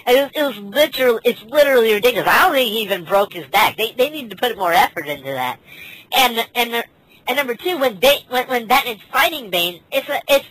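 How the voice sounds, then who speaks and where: A woman's voice: fairly high pitch, expressive, brisk, a bit bright, low-quality recording. A woman hosting a casual podcast chat, ranting with lots of swearing and stammered restarts. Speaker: podcast host.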